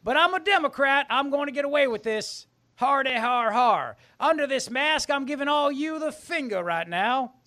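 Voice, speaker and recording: A man's voice: very high voice, lively intonation, normal speed, few pauses, sharp tone, voice pushed up, exaggerated voice. A man putting on a pompous Southern US governor voice in a hammy drawl for a radio bit. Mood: boastful.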